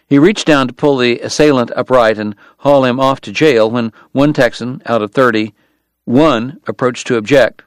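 A man narrating an audiobook in a steady, measured storytelling voice. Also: medium pitch, smooth, dry recording. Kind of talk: scripted narration.

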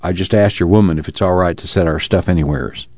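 In this audiobook reading, a man plays a weary, proud farmer father whose blunt speech comes in a folksy rural dialect. The voice sits low and is set in a dull, dry recording. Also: quick pace, darkish tone, no room sound. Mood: plain.

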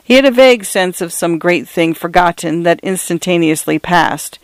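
Man, storybook narrator, high voice, dry close sound, measured descriptive reading. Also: lively intonation, no echo.

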